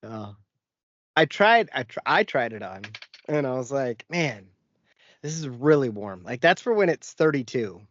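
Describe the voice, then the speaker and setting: A man's voice: medium pitch, big pitch swings, normal speed, fairly bright tone, no echo. A man co-hosting a podcast in casual chat, laughing often and chiming in with short reactions. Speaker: podcast co-host. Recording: dry, dull lo-fi sound.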